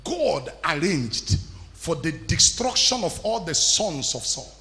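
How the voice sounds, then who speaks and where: A man preaching a sermon, emphatic, repeating lines and building to shouts, in an echoey church hall with faint music. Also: fairly high pitch, big pitch swings, slow pace. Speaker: pastor.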